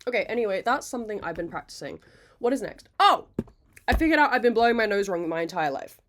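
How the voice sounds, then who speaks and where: A young woman hosting a casual podcast, rambling, self-mocking and quick to laugh, swearing freely. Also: mid-range voice, expressive, fairly bright tone. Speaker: podcast host. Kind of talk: casual chat.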